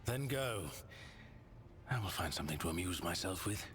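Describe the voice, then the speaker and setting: An actor voicing an aloof male character in a sci-fi video game, with a cool, dismissive delivery, set in long reverb over a faint rumble. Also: animated, moderate pace, a bit bright. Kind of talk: voiced game dialogue.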